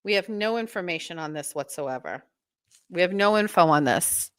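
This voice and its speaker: A woman's voice: lowish voice, moderate pace, clear, resonant tone, dry recording. Chatty woman podcast host, dry sound. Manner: chatty, gossipy, animated with laughs. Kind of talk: casual chat.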